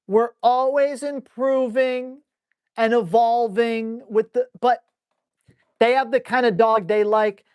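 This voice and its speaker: A blunt dog trainer answers viewer questions live, talking casually and roughly. This man scolds dogs out loud with playful toughness. His delivery is animated, swinging between quick bursts and slow, drawn-out phrases. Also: sits high. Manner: animated, switches between brisk and drawn-out speech. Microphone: live stream mic.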